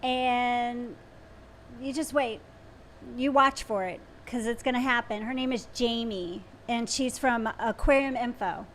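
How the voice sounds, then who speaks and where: A woman co-hosting a casual live stream, bubbly and quick to laugh. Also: a little high, a little hiss or hum. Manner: bubbly and gushing, laughs easily. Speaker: co-host.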